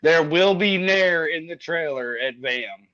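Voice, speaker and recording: A man's voice: on the high side, a little slow, sharp tone. A man chatting casually on a live stream, with a dry, easygoing teasing manner. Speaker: guest on a motorcycle live stream. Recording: dull lo-fi audio.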